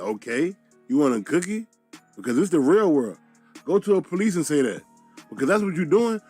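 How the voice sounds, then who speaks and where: A man's voice: on the high side, animated, brisk, darkish tone, soft background music. A man giving blunt, mocking commentary in a played clip.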